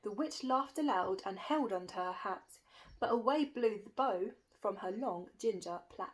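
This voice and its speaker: A woman's voice: mid-range voice, lively intonation, a little slow, rough recording. A woman reading a rhyming children's picture book aloud with a lilting rhythm. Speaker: storybook reader.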